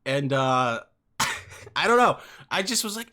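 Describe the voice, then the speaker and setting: A young man hosting a podcast, telling comic stories in an animated, profane, rambling way. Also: on the high side, slow, long pauses. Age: young adult. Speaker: podcast host. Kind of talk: casual comic storytelling.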